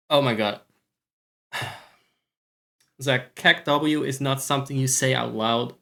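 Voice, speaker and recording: A man's voice: medium pitch, slow pace, vocal fry, long pauses, sharp tone. A man with a Scottish accent chatting casually on a live stream, rambling, swearing freely and joking at his own expense. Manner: rambling, sweary, self-mocking.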